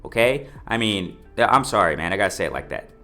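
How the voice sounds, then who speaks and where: A man with a fairly low but very lively voice delivers casual, opinionated boxing commentary. He talks with bright force, repeats his points, and keeps addressing his viewers directly. Faint music plays under him. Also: a little fast, gravelly. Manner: emphatic, repetitive, addresses viewers as ladies and gentlemen; lively pitch swings, mimics others in raised voice.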